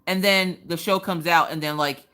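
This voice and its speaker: Woman, live-stream host, casual crafting chat, animated and chatty, bright tone. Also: lowish voice, moderate pace. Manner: animated, chatty, greets viewers and answers chat.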